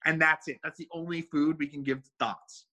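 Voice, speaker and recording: A man's voice: on the high side, fairly even intonation, moderate pace, bright, forceful tone, poor audio. A man co-hosting a podcast, chatting casually in a rambling way and laughing often. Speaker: podcast co-host. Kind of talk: casual chat.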